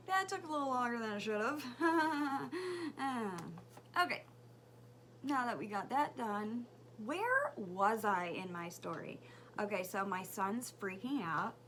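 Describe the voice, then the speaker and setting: A woman telling a story while doing her makeup, chatty and rambling, with fillers and soft asides. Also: a little high, slight background noise. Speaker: beauty vlogger and mother. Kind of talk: casual get-ready-with-me story chat.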